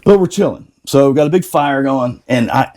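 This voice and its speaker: A man who is a Marine veteran, casually telling a war story on a podcast, animated, laughing and swearing freely. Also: mid-range voice, a little fast.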